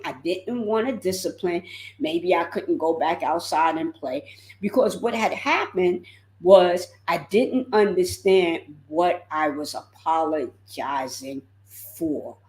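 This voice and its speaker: Woman, life coach, slow deliberate delivery, lowish voice, emphatic repetition, roomy echo. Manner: expressive, repeats words for emphasis. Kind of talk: motivational livestream talk.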